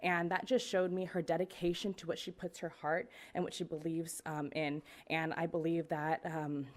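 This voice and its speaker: A woman's voice: sits low, little pitch movement, normal speed. A woman giving an earnest public comment at a school board meeting in support of a friend, with some hesitations.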